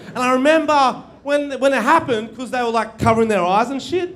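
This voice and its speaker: A young Australian man performing stand-up comedy on stage, animated and swearing, often laughing at his own stories. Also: very high-pitched, normal speed, pauses often, slight background noise. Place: theatre stage with live audience.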